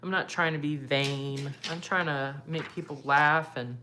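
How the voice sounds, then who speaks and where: A woman's voice: sits low, steady tone, measured pace, sharp tone, slight background noise. A young woman vlogger chatting casually with viewers while doing her makeup, answering their comments as she goes. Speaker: beauty vlogger.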